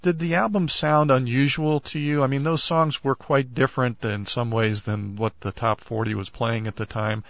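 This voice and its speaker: A male interviewer asking halting questions, searching for his words. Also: medium pitch, steady tone, no room sound. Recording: dull lo-fi recording.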